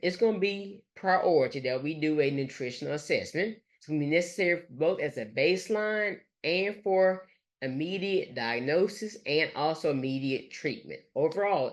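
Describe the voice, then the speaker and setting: A nurse educator giving a recorded lecture over slides, speaking haltingly and leaning on fillers and restarts. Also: mid-range voice. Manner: halting, with frequent fillers like "let's say" and "gonna".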